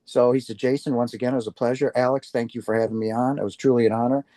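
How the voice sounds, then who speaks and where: An older man from Wisconsin speaks as an interview guest, recounting his own story in an earnest, heartfelt way. His voice is warm and mellow, and it comes across close and dry with little room sound. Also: medium pitch, level tone, very fast, no room sound. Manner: earnest, heartfelt, acts out quoted speech.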